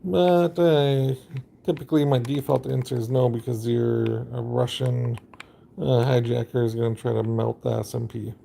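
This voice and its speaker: A man's voice: medium pitch, little pitch movement, moderate pace, creaky, mellow, slight background noise. A man casually narrating his game during a live stream, rambling and chatty with lots of fillers.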